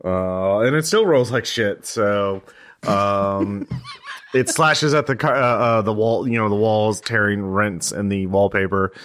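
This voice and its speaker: A man narrating a tabletop horror game as game master, describing scenes haltingly with many fillers. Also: on the low side, a bit bright.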